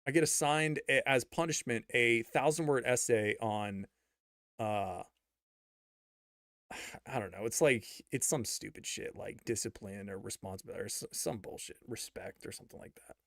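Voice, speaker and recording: Animated man telling a story, dry sound. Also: moderate pace, no room sound. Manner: animated, rising to high-pitched disbelief, laughs while telling; slangy, many fillers and repeats. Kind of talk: casual storytelling.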